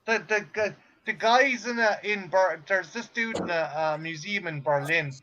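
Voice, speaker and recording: A man's voice: high-pitched, moderate pace, highs cut off, crowd noise. A man co-hosting a casual podcast chat, joking and often restarting his sentences. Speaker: podcast co-host.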